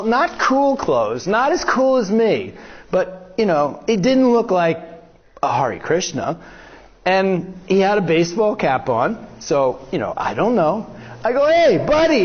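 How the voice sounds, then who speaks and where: A man's voice: high-pitched, highs cut off. An older American man giving a talk, telling a joking story and acting out the dialogue. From United States. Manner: animated, joking, acts out dialogue. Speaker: guest speaker. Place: lecture hall.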